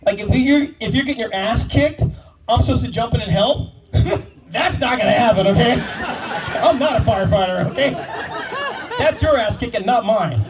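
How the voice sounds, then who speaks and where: A man doing stand-up comedy about police work, telling brash, profane stories quickly. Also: very high-pitched. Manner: brash, profane, fast storytelling punctuated by laughs. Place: comedy club stage before a live audience. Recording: distant mic with loud crowd laughter.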